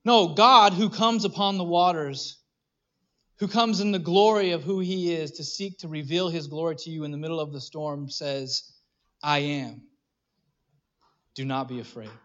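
A man preaching a sermon, animated and conversational, acting out little voices and restarting his phrases. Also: a little high, moderate pace, highs cut off. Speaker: pastor.

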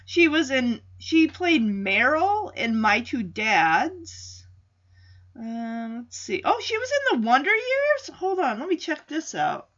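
A woman's voice: high voice, wildly swooping pitch, slow, fairly bright tone, lo-fi sound. A woman casually recapping a TV episode in a chatty way, with frequent laughs and filler words.

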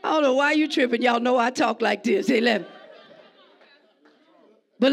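A woman preaching a sermon, conversational and emphatic, often shouting out to the congregation. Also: on the high side, normal speed, long pauses, some chatter behind.

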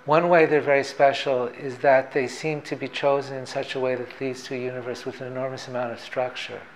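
Brief: male theoretical physicist, mid-pitched, thoughtful and measured, professorial explainer. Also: flat delivery, slight background noise, rough recording. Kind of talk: reflective explanatory talk.

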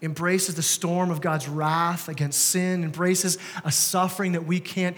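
A man's voice: fairly high pitch, flat delivery, a little slow, fairly bright tone. A man in his thirties preaching a sermon in a church, conversational and full of rhetorical questions to the congregation. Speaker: pastor. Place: church sanctuary. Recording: long church hall reverb.

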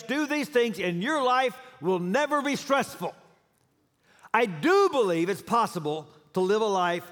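Pastor guy, pretty high voice, storytelling sermon, big echoey hall. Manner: storytelling, warm humor. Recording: reverb of a large hall.

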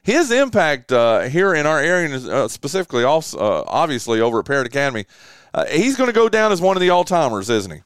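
Smooth-voiced male sports radio host. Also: a little high, very animated, fast talker, fairly bright tone, no room sound, clean studio sound. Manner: rambling, lots of fillers and restarts. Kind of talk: casual sports radio chat.

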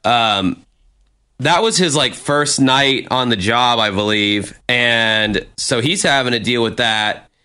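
A man casually telling a story on a chat show, animated and swearing, acting out what people said. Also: mid-range voice, takes it slowly, smooth. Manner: animated, acts out quotes with profanity.

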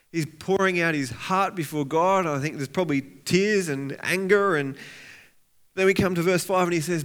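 A man's voice: a little high, fairly bright tone. A man preaching a sermon as a pastor, earnest and heartfelt, reading scripture aloud with rising intensity and often restarting his words. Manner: frequent restarts and repeated words.

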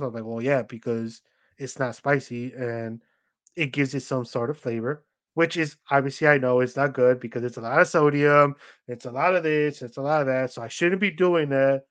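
With a medium-pitched, fairly bright voice at normal speed, a young man co-hosting a podcast spins long, wandering stories. He leans heavily on "like" and acts out others' lines in quoted voices.

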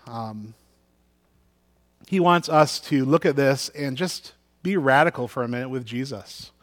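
A middle-aged pastor with a mid-range voice reads scripture during his sermon, then shifts into self-deprecating stories told conversationally, frequently restarting his sentences.

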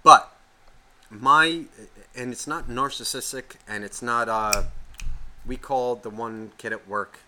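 Podcast guy ranting, swearing nonstop, super bright sharp voice. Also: mid-range voice, a little slow, long pauses. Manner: profane, ranting, loud outbursts. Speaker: podcast co-host. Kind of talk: casual podcast rant.

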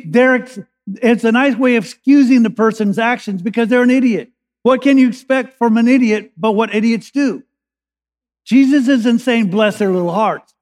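A male pastor preaching, with a high voice that rings through a church sanctuary. He slows down to stress key phrases and lifts into urgency as his points build. His words trail off into a long hall reverb. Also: a little mellow. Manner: preaches with slow emphatic pauses and rising urgency. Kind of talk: sermon.

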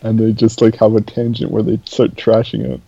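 A man's voice: lowish voice, steady tone, a little fast, warm tone, muffled recording, slight background noise. A man co-hosting a casual chat, laid-back and offering brief remarks. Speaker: podcast co-host.

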